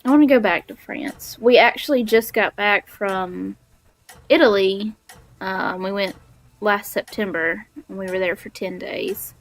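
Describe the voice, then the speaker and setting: A woman's voice: medium pitch, a little slow. A young woman from Alabama with a Southern accent, chatting in a bubbly, giggly way while she streams a game. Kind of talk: casual gaming livestream chat.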